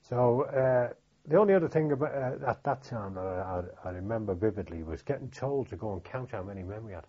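An older man from Liverpool with a Liverpool accent, recalling wartime memories in an oral history interview, halting and plain-spoken with many restarts. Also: on the low side, lively intonation, breathy edge. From Liverpool, England. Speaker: veteran interviewee. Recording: dull lo-fi recording.

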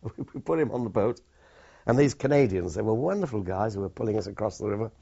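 An older veteran tells his memories in plain, halting phrases that often restart. His voice sits low and sounds husky. The recording is dull and muffled. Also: expressive, mellow. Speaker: war veteran. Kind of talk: oral history recollection.

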